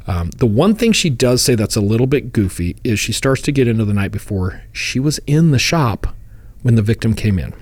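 A man's voice: mid-range voice, very animated, brisk, a little mellow, no echo. A man co-hosting a true crime podcast, telling the case in a casual, storytelling way and chuckling often. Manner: storytelling, acts out quotes in funny voices. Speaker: podcast co-host.

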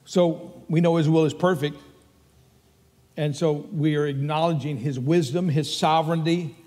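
A man's voice: fairly high pitch, steady tone, moderate pace, a little mellow, long reverb tail. An older man with a Texan accent preaching a sermon as pastor, earnest and emphatic as he tells stories.

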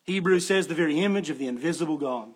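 A man's voice: on the high side, fast, husky. A man preaching an expository sermon as pastor, earnest and emphatic, repeating key phrases as he explains the text like a teacher. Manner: teacherly, explains Greek word order.

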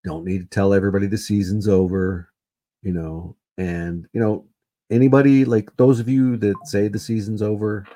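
A man's voice: fairly low pitch, fairly even intonation, moderate pace, mellow. A man hosting a solo podcast, rambling and swearing, repeating himself with lots of fillers. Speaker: podcast host. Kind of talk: casual solo sports podcast rant.

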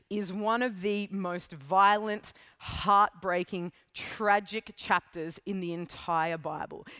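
A young adult woman preacher telling a story in a sermon, in a casual, animated way with asides. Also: mid-range voice, no echo.

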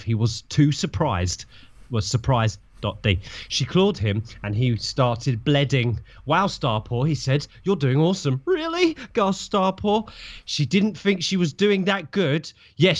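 A man co-hosting a podcast, reading fan fiction aloud and teasing it with a laugh. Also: mid-range voice. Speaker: podcast co-host.

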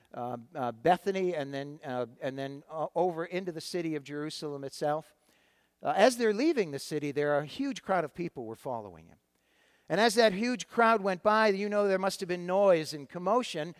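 A man's voice: fairly high pitch, dry recording. A man preaching a sermon to his congregation, retelling a Bible story in a conversational way with frequent fillers and restarts. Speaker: pastor.

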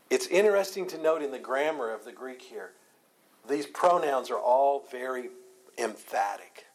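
Husky-voiced man leading a Bible class. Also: medium pitch, expressive, normal speed. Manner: emphatic, repeats phrases for weight. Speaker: Bible study leader.

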